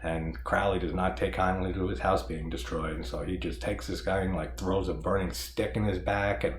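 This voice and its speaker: A man's voice: low voice, fairly even intonation, normal speed, a little hiss or hum. A man casually reviewing a horror movie, rambling, swearing and chuckling as he picks it apart. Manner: rambling, profane, chuckles often. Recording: echoey room.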